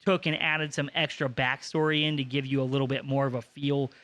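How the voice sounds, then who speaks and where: A man's voice: medium pitch, level tone, brisk, a bit bright. A man co-hosting a casual comedy podcast, retelling a plot in a rambling way with restarts and fillers. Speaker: podcast co-host. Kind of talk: casual chat.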